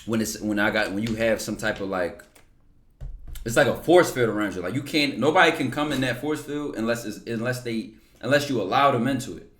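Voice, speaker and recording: A man's voice: medium pitch, fairly quick, a bit bright. A young man talking casually on a stream, answering viewer questions bluntly with lots of slang and cursing. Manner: blunt, slangy, curses freely, repeats words. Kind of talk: casual livestream talk.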